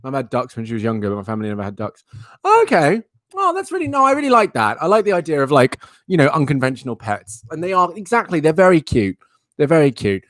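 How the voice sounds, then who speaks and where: A young man hosts a casual live stream, chatting in a playful, rambling, self-mocking way. He talks fast in a medium-pitched, sing-song voice, and there's no echo.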